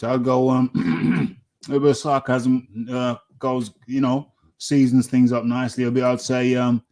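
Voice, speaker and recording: A man hosting a casual boxing talk show, speaking haltingly with many fillers and restarts. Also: medium pitch, darkish tone.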